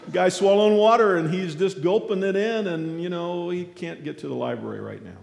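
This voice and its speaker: A guest speaker at a church tells a folksy story as a sermon in a high, gravelly voice. He starts haltingly with many fillers, then grows lively and shouts the characters' cries. The large hall echoes with long reverb.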